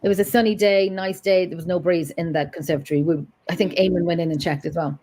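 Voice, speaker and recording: A woman, a paranormal investigator telling a story as a guest in casual conversation, animated and quick to rise in pitch when upset.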